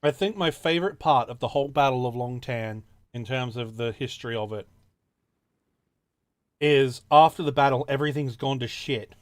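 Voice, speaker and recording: A man hosting a casual gaming chat, telling stories with animated repeats. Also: mid-range voice, normal speed, no echo, clean studio sound. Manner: animated storyteller, repeats phrases.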